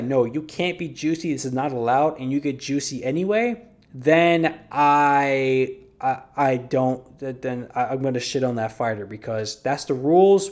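A man's voice: medium pitch, darkish tone. A man hosting a solo podcast, giving blunt, profane, rambling opinions in casual talk. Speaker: podcast host.

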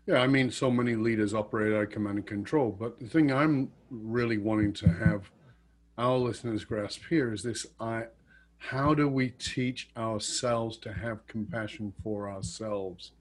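Lower-voiced male podcast host. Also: normal speed. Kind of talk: reflective interview talk.

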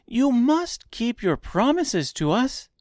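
An earnest young girl speaks insistently in a high voice, put on by a male narrator. The voice is lively. The recording is dry. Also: slow, dry recording, full character voice.

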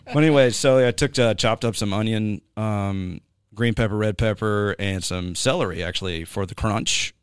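A man's voice: lowish voice, moderate pace, clean tone, no echo, clean studio sound. A man hosting a podcast, chatting casually and rambling with lots of fillers and jokes. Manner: rambling, joking, many fillers. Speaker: podcast host. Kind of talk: casual chat.

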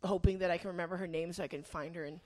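A woman comedian co-hosting a podcast, telling stories in casual, animated banter. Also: fairly low pitch. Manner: fast, animated storytelling with laughs.

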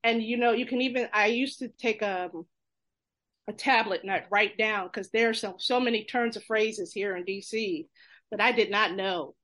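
Her pitch is medium. A New York woman, fast and animated, swaps humorous stories in casual conversation, laughing often and doing voices for the people in them.

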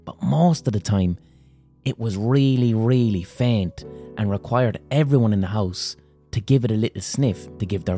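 A man's voice: on the low side, dark tone. A man, hosting a podcast and telling a crude comic story in a rambling, self-amused way. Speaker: podcast host.

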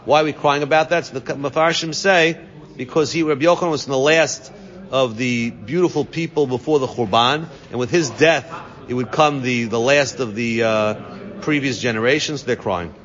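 A man's voice: mid-range voice, normal speed, fairly bright tone. A man teaching a Talmud class to students, translating each Aramaic phrase into English. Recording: dull lo-fi recording, long reverb.

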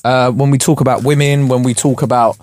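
A man's voice: mid-range voice, fairly even intonation, a little fast, darkish tone. A young man, co-hosting a podcast in a studio, joking around and rambling with stammered restarts. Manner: jokey, rambling, stammers and laughs. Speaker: podcast co-host. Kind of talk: casual chat.

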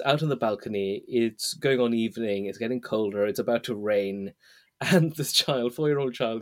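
A man's voice: medium pitch, darkish tone. Hesitant man discussing a novel. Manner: hesitant, laughing often. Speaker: podcast host. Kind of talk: casual book discussion.

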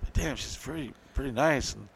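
A man's voice: medium pitch, moderate pace, creaky, a little hiss or hum. A man on a podcast telling a rambling, profane story in casual banter. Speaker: podcast co-host.

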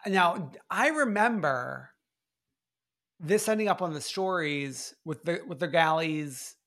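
A man's voice: fairly high pitch, animated, slow pace, a bit bright. A man co-hosting a podcast in casual chat, laughing often as he tells stories with animation. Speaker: podcast co-host. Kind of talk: casual chat recapping a reality show.

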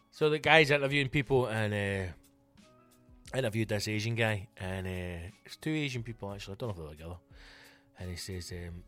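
A man's voice: lowish voice, brisk, fairly bright tone, faint music behind. A Scottish man hosting his own comedy podcast, ranting casually and swearing a lot. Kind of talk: casual solo rant.

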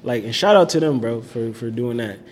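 A man's voice: mid-range voice, lively intonation, fairly quick, a little mellow, in a large hall, slight background noise. A young man telling his faith story in a casual, slangy way, full of "like" and "bro". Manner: slangy, laid-back, lots of "like" and "bro".

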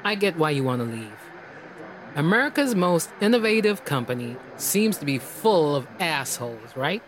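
A man plays a rambling interrogator whose voice sits high and swoops wildly, lurching from giddy excitement to low, quiet threat. He teases and mocks, a menacing figure in a film drama. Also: moderate pace, slight background noise. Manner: rambling, teasing, sudden swings between loud excitement and quiet menace. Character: menacing, overweight male interrogator, probing and mocking.

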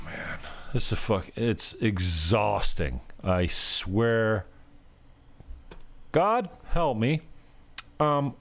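A man's voice: medium pitch, dry recording. A man vlogging a casual, rambling rant, swearing often and sounding exasperated.

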